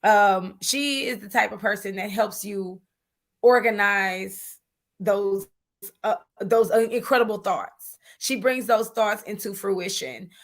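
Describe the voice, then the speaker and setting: Woman, chatty interview guest, lively storyteller, says honey, many fillers. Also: medium pitch, slow. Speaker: guest entrepreneur. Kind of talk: animated interview talk.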